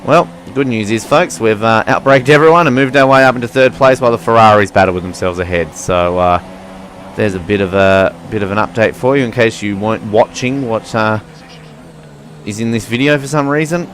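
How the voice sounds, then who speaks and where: A man's voice: on the low side, brisk, fairly bright tone. A young man giving rambling, self-mocking commentary while playing a racing game. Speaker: gaming commentator. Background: faint car engine noise.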